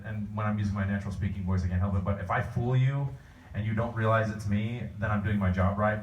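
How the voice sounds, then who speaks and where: A man, a voice actor, chatting at a convention panel Q&A, rambling and restarting his sentences often. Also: lowish voice. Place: convention hall. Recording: echoey hall, distant mic, faint room noise.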